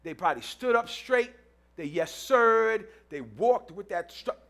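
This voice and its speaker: A male pastor with a high, bright, ringing voice preaches in a church. He tells his story with humor and plays out the voices of the people in it. He repeats phrases again and again to drive a point home. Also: unhurried. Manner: lively storytelling with humor, acting out quotes. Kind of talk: sermon.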